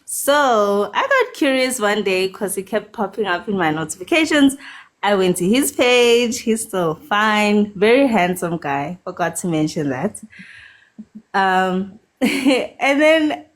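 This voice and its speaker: A woman's voice: medium pitch, expressive, slow pace. A woman in her thirties calling into a live stream, rambling about her ex and laughing often. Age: 30s. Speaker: caller. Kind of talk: casual chat on a live stream call.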